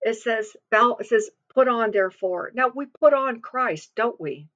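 A woman's voice: fairly high pitch, animated, unhurried, a bit bright, muffled recording. A woman giving an earnest, confiding devotional sermon, reading scripture and speaking from personal experience with frequent restarts.

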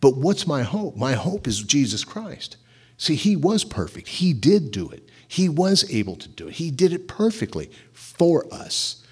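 Husky-voiced pastor preaching. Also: male voice, fairly high pitch, a little slow. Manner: animated, conversational preaching with rhetorical questions. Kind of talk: sermon.

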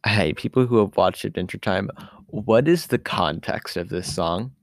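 A man's voice: lowish voice, normal speed, no echo. A man hosting a podcast on his own, talking in a casual, rambling way with lots of fillers and asides. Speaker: podcast host. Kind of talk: casual solo podcast talk.

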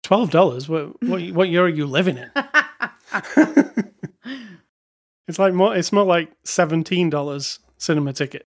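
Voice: medium pitch, lively intonation, unhurried, pauses often. A laid-back podcast co-host with a mid-range voice talks through a film in casual chat. The delivery is jokey, with chuckles slipped in between remarks. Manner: jokey, chuckles, reads reviews aloud wryly. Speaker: podcast co-host reviewing films.

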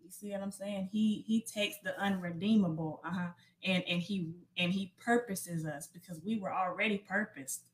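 A woman in a casual faith podcast chat, affirming and animated as she shares a reflection. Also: medium pitch, low-quality recording. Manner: affirming, animated, unhurried storytelling.

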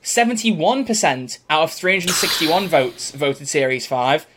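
A man's voice: fairly high pitch, lively intonation, measured pace, background noise. A man co-hosting a podcast in casual chat, talking in a rambling way and often laughing. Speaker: podcast co-host.

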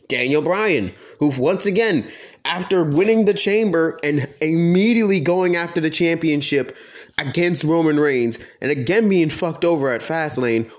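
A young man giving blunt, profane opinions in a heated casual rant about wrestling storylines. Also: fairly high pitch. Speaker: wrestling commentator.

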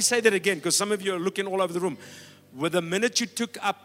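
A middle-aged man preaching a sermon, emphatic, swinging from loud exhortation down to low, quiet lines. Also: fast, soft background music. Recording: long hall reverb.

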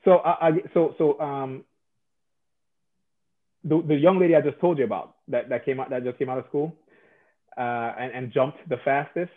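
A man's voice: mid-range voice, moderate pace, pauses often. Jamaican-born guy telling stories, faint accent, sounds like it's coming over a phone line. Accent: American with faint Jamaican traces. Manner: animated storyteller, drops to soft asides. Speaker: salon educator guest. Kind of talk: conversational podcast advice. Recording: phone-like narrow band.

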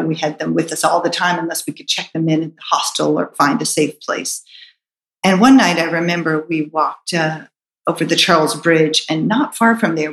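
A woman's voice: sits low, roomy sound, poor audio. A middle-aged woman telling a personal story in a reflective, earnest way, with hesitant restarts.

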